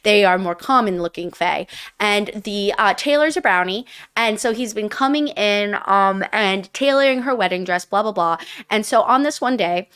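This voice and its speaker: A woman's voice: medium pitch, normal speed, fairly bright tone, clean tone. A woman co-hosting a book club podcast, retelling a novel's plot in a casual, rambling way with lots of fillers.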